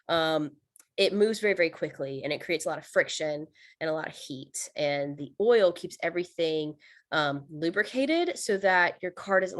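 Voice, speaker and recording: A woman's voice: mid-range voice, a bit bright. A woman giving a casual livestream lesson as the instructor, chatty and upbeat, with frequent ums and uhs. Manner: chatty and upbeat, with many fillers. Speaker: instructor of a live online class.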